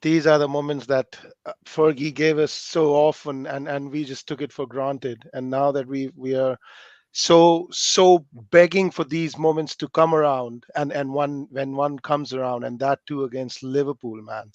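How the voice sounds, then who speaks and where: A man's voice: mid-range voice, steady tone, moderate pace, a little mellow, dry recording, highs cut off. A man calling in to a fan show, passionate and chatty, ending phrases with "man". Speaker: caller. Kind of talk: casual call-in chat.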